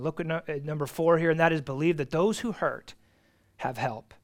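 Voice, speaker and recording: An earnest man leads a Bible class for adults, hammering home certain phrases again and again while alternating forceful emphasis with soft side remarks. He sounds somewhat high and keeps a moderate pace.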